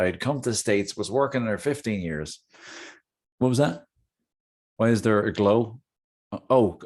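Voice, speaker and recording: A middle-aged man hosting a casual talk, telling a personal story with jokey asides. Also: fairly low pitch. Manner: animated, jokey asides, chatty. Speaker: host.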